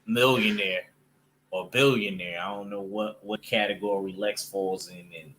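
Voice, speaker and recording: Low-voiced rambling casual guy. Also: fairly even intonation, moderate pace, a bit bright, a little hiss or hum. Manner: rambling, loose slang with many fillers. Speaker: comic book vlogger. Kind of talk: casual chat.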